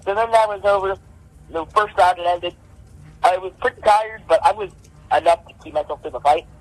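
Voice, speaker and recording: Young male amateur boxer, slightly high voice, casual animated storyteller who voices his own punches. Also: a little fast, dry recording, low-quality recording. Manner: animated, acts out punches with repeated "boom".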